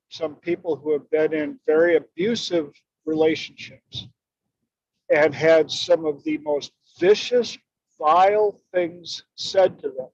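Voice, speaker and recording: A man telling stories and coaching in an emphatic, expressive way during a conversation. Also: fairly high pitch, vocal fry, husky, no echo. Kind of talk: storytelling in conversation. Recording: dull lo-fi dry audio.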